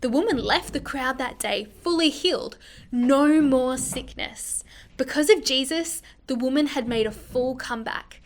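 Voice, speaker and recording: Brief: woman, high voice, scripted kids' narration, expressive with hushed moments. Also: measured pace. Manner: expressive, drops to soft whispers.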